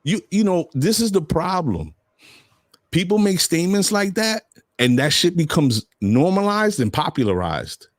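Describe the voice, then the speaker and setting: A man's voice: high-pitched, normal speed, no room sound, clean studio sound. A man hosting a casual podcast chat, talking bluntly and animatedly. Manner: blunt, animated storytelling with profanity. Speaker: podcast host.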